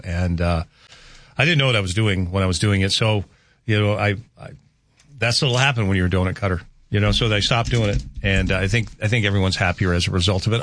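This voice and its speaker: A male radio host in a dry-sounding studio, talking in a loose, wandering way. His pitch leaps high and drops low as he tells stories and jokes with listeners, full of restarts and asides. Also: fairly bright tone, dry recording. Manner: rambling, chatty, with frequent restarts and asides. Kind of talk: casual morning radio chat. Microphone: studio microphone.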